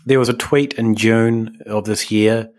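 Man, podcast co-host, low-ish voice, loose rambling chat, lots of ums. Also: fairly even intonation, measured pace, darkish tone. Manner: rambling, hesitant with many fillers.

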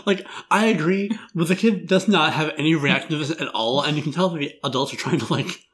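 A man's voice: on the high side, fairly quick, a bit bright. Wry man chatting about movies. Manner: wry, rambling, laughs through jokes. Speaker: podcast host. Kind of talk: casual film review chat.

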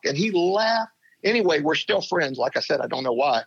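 A man's voice: on the high side, moderate pace, gravelly, slightly rough. A middle-aged man, a former pro angler, telling stories as an interview guest and laughing as he goes. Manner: animated, laughs through his stories. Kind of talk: conversational storytelling in an interview. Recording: dull lo-fi sound.

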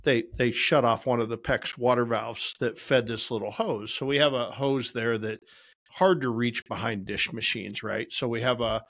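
Man, casual storyteller, mid-pitched voice, swears freely, rambles, self-deprecating. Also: steady tone, moderate pace, a bit bright. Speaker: podcast regular.

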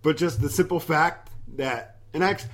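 A man co-hosting a casual wrestling podcast, animated, swearing freely and acting out quotes. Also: a little high, unhurried. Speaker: podcast co-host.

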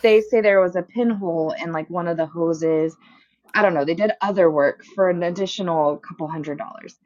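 Young woman ranting about her day, mid pitch, voice shoots way up on the quotes, dullish dry sound. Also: a little fast, darkish tone, no echo, highs cut off. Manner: exasperated storytelling, acting out quotes with big pitch jumps. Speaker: co-host. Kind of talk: casual chat.

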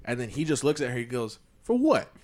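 A man co-hosting a casual podcast chat, telling a story with lively acted-out quotes and a lot of "you feel me.". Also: medium pitch, fast talker. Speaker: podcast co-host.

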